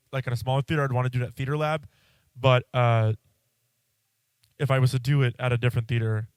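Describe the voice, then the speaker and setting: A man's voice: mid-range voice, clear, resonant tone, no room sound. A congested man hosting a podcast, chatting casually and rambling, cutting himself off and swearing now and then. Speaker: podcast host. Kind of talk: casual solo podcast chat.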